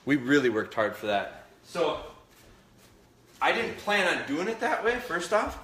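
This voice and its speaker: Guy running a live dog training stream, kinda winded, rambles and repeats himself, bright forward voice. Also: on the high side, very animated, a little slow. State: out of breath, sweating.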